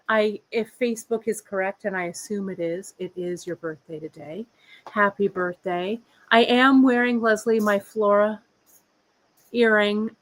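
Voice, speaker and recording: A woman in her fifties hosts a live craft stream from her workbench. She talks slowly and unhurriedly, rambling warmly between asides to her viewers and her cat. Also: medium pitch, low-quality recording. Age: 50s. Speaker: host of a live beading show. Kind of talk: casual live-stream chat. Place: workshop bench, indoors.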